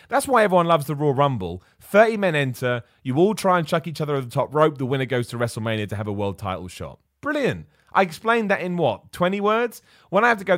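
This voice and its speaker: A man's voice: mid-range voice, dry recording, studio quality. A young man hosting a wrestling chat stream, answering viewer questions in a casual, opinionated way that turns heated at times. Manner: opinionated, animated, quick to get heated.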